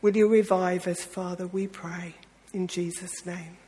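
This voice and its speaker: High flat-voiced man praying. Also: measured pace, slight background noise. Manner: prayer phrases punctuated by "Lord" and "Father". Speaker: prayer leader. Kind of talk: spoken prayer. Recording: long reverb of a church hall.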